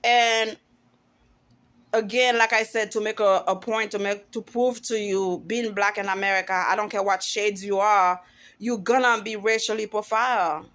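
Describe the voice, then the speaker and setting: A woman's voice: mid-range voice, steady tone, normal speed, a bit bright. A woman in her forties giving an emphatic, outspoken opinion monologue to camera, often restarting her sentences as she goes. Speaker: vlogger.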